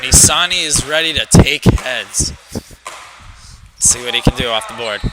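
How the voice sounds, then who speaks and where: A young man commentating a school basketball game live, excitable and joking, hyping up one player. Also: medium pitch, unhurried. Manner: excitable, hypes up a player, jokey. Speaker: student play-by-play commentator. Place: school gym. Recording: loud gym noise behind.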